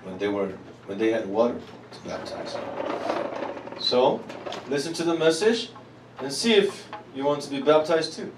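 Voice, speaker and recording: A man's voice: medium pitch, moderate pace, pauses often, noisy background. Man preaching in an echoey church hall. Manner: call-and-response preaching, rising to loud declarations. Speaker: pastor. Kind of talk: sermon. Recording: echoey hall, miked from a distance, congregation audible.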